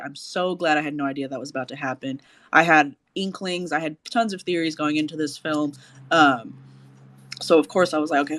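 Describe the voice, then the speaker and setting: Gushing animated man hosting a chat. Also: a little high. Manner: animated, gushing, swears freely. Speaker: host. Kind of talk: casual chat.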